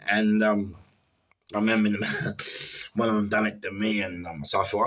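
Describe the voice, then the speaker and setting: A man's voice: fairly low pitch, little pitch movement, moderate pace, pauses often, a bit bright. A middle-aged man, telling stories about his past in a rambling, casual way and often stuttering and repeating words. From London. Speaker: former prisoner telling stories. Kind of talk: casual storytelling.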